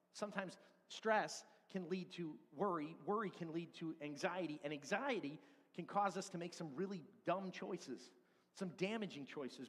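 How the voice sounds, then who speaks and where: A man in his forties preaching a sermon as pastor in a church, animated, acting out his points and sometimes shouting. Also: on the high side, slightly rough. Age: 40s. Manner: animated, acts out stress with props and shouts. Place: church sanctuary. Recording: long hall reverb.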